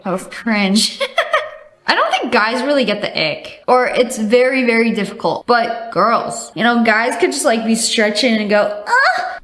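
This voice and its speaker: A woman's voice: fairly high pitch, a bit bright. A woman hosting a reaction video, chatting casually, laughing and acting out exaggerated disgust. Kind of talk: casual commentary. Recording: roomy echo.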